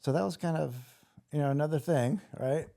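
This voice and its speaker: A man's voice: a little high, a little fast, creaky, mellow. A middle-aged man from Los Angeles, a former soldier telling his story in a casual, rambling interview, with many restarts. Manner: rambling, conversational, many restarts, acts out quoted voices. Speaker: guest, former special operations soldier.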